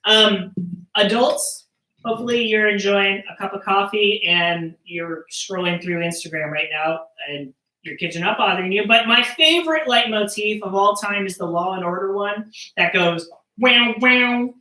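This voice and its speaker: A woman's voice: mid-range voice, normal speed, sharp tone. A woman performing and teaching percussion storytelling to children over a live stream, in a playful, joking way. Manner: playful, jokey, talking to kids. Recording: roomy sound, mic at a distance.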